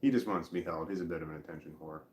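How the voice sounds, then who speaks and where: A middle-aged man vlogging in casual chat, rambling and halting, with blunt swearing. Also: very deep voice, darkish tone, echoey room.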